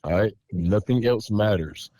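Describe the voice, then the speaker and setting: Deep-voiced emphatic male podcast host. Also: unhurried, warm tone. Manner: emphatic, repetitive, profane. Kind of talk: casual podcast chat.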